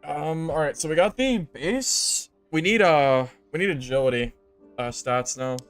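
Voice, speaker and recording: A young man casually commenting on his gameplay to stream viewers, joking and exasperated, jumping to loud high outbursts. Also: measured pace, clean tone, soft background music. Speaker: game streamer.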